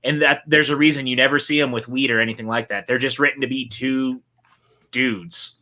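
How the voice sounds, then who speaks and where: Guy hosting a movie watch-along, super bright tone, just chatting along. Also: mid-range voice, flat delivery, brisk. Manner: chatty, reads viewer chat aloud. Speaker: podcast co-host.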